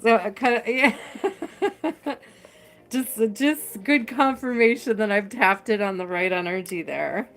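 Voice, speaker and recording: Slow, soft-spoken woman reading tarot. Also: mid-range voice. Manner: slow, soft and reassuring, with many fillers. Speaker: tarot reader. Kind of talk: live-stream tarot reading.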